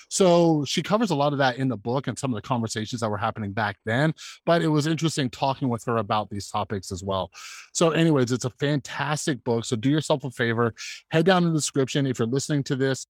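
A man's voice: medium pitch, expressive, fast talker, dry recording. A man hosting a podcast, talking casually and rambling with lots of fillers. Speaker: podcast host. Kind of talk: podcast interview.

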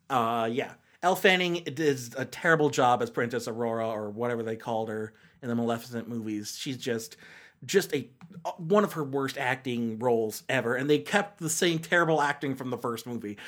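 A man's voice: mid-range voice, normal speed, a bit bright. A man hosting a casual comedic movie-review monologue, sarcastic and rambling with lots of fillers and restarts. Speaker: podcast host.

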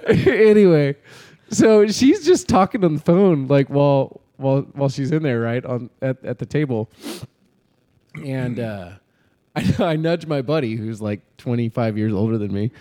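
A man's voice: medium pitch, lively intonation, measured pace, warm tone. A man on a casual podcast telling a rambling story, laughing often and restarting his sentences. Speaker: podcast co-host. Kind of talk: casual chat.

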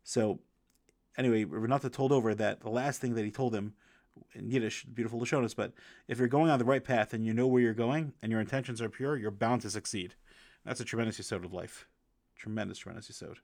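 Halting, gravelly-voiced man reviewing a book. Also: fairly low pitch, darkish tone, dry recording, clean studio sound. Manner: halting, with frequent restarts and fillers. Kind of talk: casual storytelling book review.

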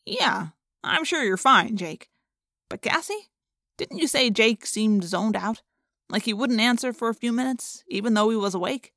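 A woman's voice: a little high, animated, normal speed, a bit bright, dry recording, clean studio sound. A woman voicing a wry, doubtful teenage boy in an audiobook. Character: shrewd, wisecracking teenage boy.

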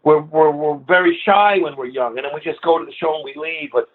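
A man's voice: fairly high pitch, brisk. A man in his sixties from the New York area, a guest musician telling long anecdotes and acting out the other people in them. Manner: animated anecdotal storyteller who acts out other people's lines. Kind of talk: storytelling interview. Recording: phone-like narrow sound.

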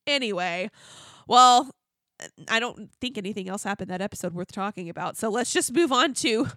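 A woman's voice: mid-range voice, lively intonation, moderate pace, a bit bright, no room sound, clean studio sound. A young woman co-hosting a podcast in casual chat, retelling TV scenes with lots of laughter. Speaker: podcast co-host.

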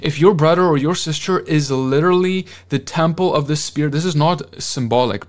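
A man's voice: on the high side, normal speed, hardly any pauses. A man giving a fervent sermon at an online conference, pressing his listeners with repeated rhetorical questions and closing in prayer. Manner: ends in spoken prayer. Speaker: conference speaker.

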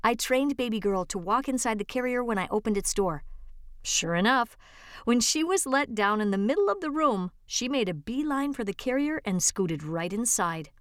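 A woman's voice: on the high side, lively intonation, moderate pace, no echo. Woman reading a story aloud, dry close mic. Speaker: volunteer reader. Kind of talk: read-aloud story narration.

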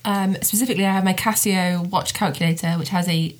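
A woman's voice: on the low side, fairly even intonation, fast. Playful woman at a game table. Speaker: player. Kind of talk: in-character play.

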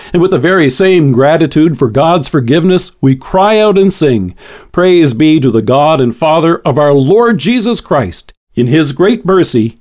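Animated man reading a devotion. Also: on the high side. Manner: measured, earnest reading with quoted scripture. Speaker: devotional speaker.

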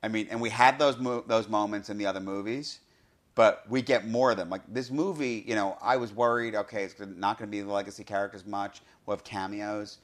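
A man hosting a podcast, talking through a film review in an excited, casual way, often saying "you know". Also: on the low side, a little fast. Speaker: podcast host.

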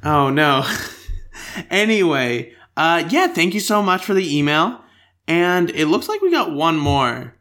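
A woman's voice: deep voice, sing-song, slow pace, fairly bright tone. A woman hosting a casual podcast, bantering and laughing at herself. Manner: giggly, self-deprecating banter. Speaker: podcast host.

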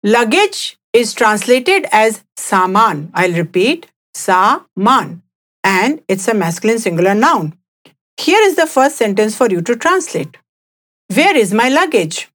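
A woman teaching a language lesson in a clear, deliberate scripted delivery. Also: a little high, sing-song, fairly bright tone.

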